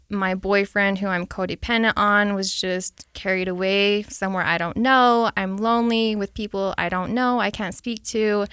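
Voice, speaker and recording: A woman's voice: mid-range voice, fairly bright tone, clean tone, no room sound, clean studio sound. A woman in her late twenties, a podcast guest, recounting her past frankly and reflectively. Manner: frank, reflective, reenacts her own thoughts. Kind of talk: candid personal storytelling.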